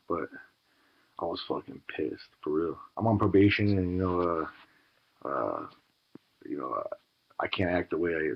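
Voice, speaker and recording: A very deep-voiced man with a gravelly, husky tone, rambling to camera with plenty of fillers and curses. The recording is dull and lo-fi. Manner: loose, rambling, swearing, many fillers. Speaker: vlogger in a played clip. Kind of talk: casual vlog talk. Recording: dull lo-fi clip.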